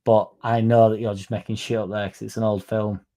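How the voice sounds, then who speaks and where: Mellow-voiced man chatting casually. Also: fairly low pitch, little pitch movement, fairly quick. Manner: rambling, swears casually, reads viewer comments aloud. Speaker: fan channel host reading chat. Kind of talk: casual live-stream chat.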